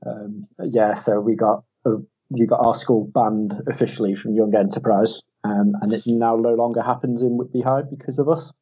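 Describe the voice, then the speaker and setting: A man co-hosting a podcast tells stories in a husky, mellow voice and laughs as he talks. The sound is muffled and lo-fi. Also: mid-range voice, fairly even intonation, normal speed. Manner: laughs through his stories, chatty. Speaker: podcast co-host. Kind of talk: casual storytelling chat.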